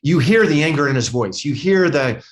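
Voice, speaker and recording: A man's voice: on the high side, expressive, moderate pace. Earnest older man in an interview. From United States. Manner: earnest, repeats words, many "you know" and "uh" fillers. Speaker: former ambassador, interview guest. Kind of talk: conversational interview.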